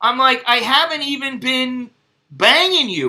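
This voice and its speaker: Middle-aged man, high sharp voice. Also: big pitch swings, unhurried. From United States. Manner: crude, profane, rambling anecdotes. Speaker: vlogger. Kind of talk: casual storytelling monologue.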